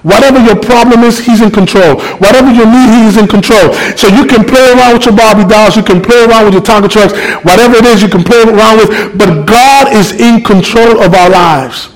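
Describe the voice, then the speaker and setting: A middle-aged male pastor preaching a sermon with passion, swinging from loud calls to soft, low reflection. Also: fairly quick, hardly any pauses, rough recording.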